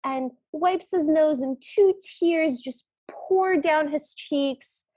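A woman co-hosting a podcast, retelling a cartoon in vivid, deadpan detail. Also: sits high, takes it slowly, no room sound. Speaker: podcast co-host. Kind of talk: casual recap chat.

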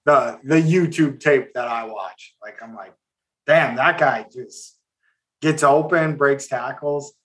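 A man's voice: mid-range voice, slow pace. A man co-hosting a podcast, talking sports with enthusiasm. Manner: enthusiastic, animated, talks in bursts. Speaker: podcast co-host. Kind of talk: casual sports chat.

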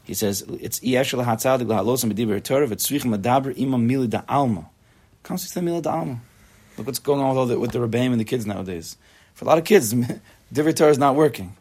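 Husky fast-talking rabbi teaching a class. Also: male voice, mid-range voice. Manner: quick, animated, chatty with students. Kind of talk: informal Torah class.

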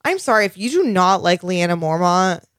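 Animated woman gushing in casual recap chat. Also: fairly low pitch, moderate pace, dry recording, studio quality. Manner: animated, swears freely, gushes. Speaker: podcast co-host.

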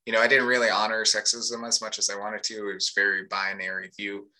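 An earnest man co-hosting a live discussion and talking in a reflective, casual way. His voice sits a little low and stays level, with a very bright, forceful tone. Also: level tone, a little fast, rough recording. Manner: earnest, thoughtful, many fillers. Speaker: podcast co-host.

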